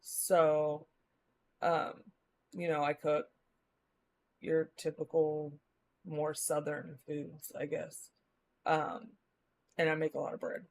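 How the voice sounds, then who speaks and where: A woman's voice: deep voice, little pitch movement, slow pace, creaky, pauses often. A woman from the Midwest, chatting casually with her live-stream viewers as she rambles along, using lots of filler words. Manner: rambling, many filler likes.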